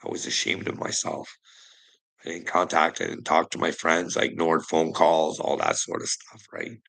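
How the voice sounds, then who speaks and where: A man from Canada talking in a casual, rambling monologue, swearing often and trailing off quietly at the ends of phrases. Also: rumbling low, level tone, moderate pace, gravelly, low-quality recording. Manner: rambling, heavy swearing, frequent "you know what I mean". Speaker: vlogger.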